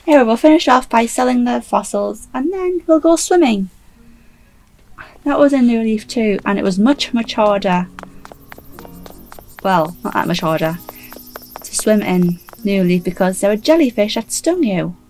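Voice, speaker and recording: A woman's voice: a little high, expressive, normal speed, pauses often, a little mellow, soft background music, low-quality recording. A woman casually commenting while playing a video game, chatty and self-mocking, still a bit sleepy. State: sleepy, trying not to yawn. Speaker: gaming YouTuber.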